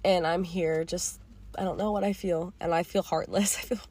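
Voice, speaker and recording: Rambling teenage girl, slightly hoarse. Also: on the low side, fairly even intonation, normal speed, a little mellow. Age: teens. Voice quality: voice going hoarse. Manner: rambling, candid, swears casually, trails off and restarts. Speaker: podcast host. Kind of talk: casual reflective monologue.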